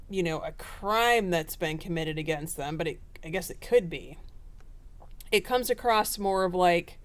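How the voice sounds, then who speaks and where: A woman's voice: fairly low pitch, smooth. A woman giving a casual tarot reading in a chatty, rambling way with fillers. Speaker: tarot reader.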